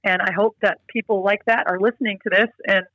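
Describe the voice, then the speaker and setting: A woman's voice: medium pitch, fairly even intonation, fairly quick, bright, forceful tone, no room sound, highs cut off. A middle-aged woman speaking as an interview guest. She talks earnestly and emphatically, often restarting her sentences. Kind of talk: casual interview talk.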